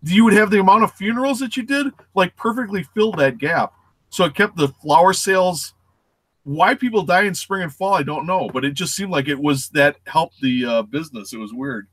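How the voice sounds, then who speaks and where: A man's voice: high-pitched, expressive, a little fast, a bit bright. A man co-hosting a live reseller show, telling rambling, folksy anecdotes in casual chat.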